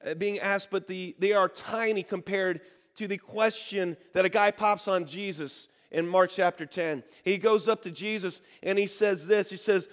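A man's voice: high-pitched, steady tone, normal speed, big-room sound. A male pastor preaching a sermon, telling stories, acting out the people he quotes and calling on the congregation to respond. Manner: storytelling, acts out the people he quotes.

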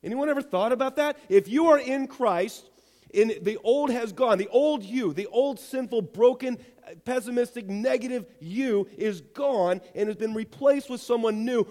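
A man's voice: sits high, moderate pace, a little mellow. A male pastor preaching a sermon and reading scripture, emphatic, repeating phrases and firing rhetorical questions at the congregation. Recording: long hall reverb.

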